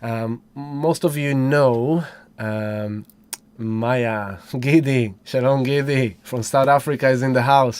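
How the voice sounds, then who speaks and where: Male livestream host, mid-pitched, dry close sound, upbeat and effusive, whoops a lot. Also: clean tone, no echo. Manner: effusive, whooping, greets viewers by name. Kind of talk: casual livestream chat.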